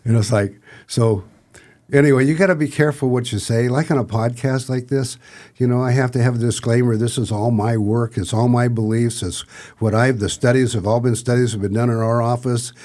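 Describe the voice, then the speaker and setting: A man's voice: mid-range voice, fairly even intonation, brisk, a little mellow. A middle-aged man, a podcast guest, telling rambling anecdotes in casual conversation and acting out what others said. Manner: rambling anecdotes with acted-out quotes and restarts. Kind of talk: casual storytelling.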